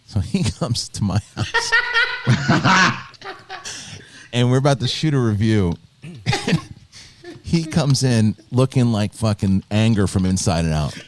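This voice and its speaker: A fairly low-pitched male host speaks slowly and pauses often, with crowd noise behind him on a live video podcast. He's an animated storyteller who rambles casually and keeps starting over.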